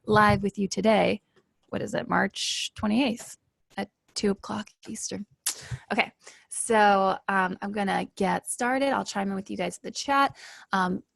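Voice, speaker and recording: Woman, webinar host, hyped and upbeat, slightly gravelly voice, dry close sound; addresses viewers directly. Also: mid-range voice, no echo. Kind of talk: live webinar sales pitch.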